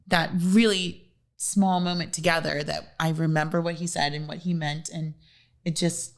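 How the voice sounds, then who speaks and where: Woman, young adult, lower pitch, chatty podcast guest, animated storytelling. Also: moderate pace. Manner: chatty, animated when retelling. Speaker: interview guest, bride. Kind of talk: casual podcast conversation.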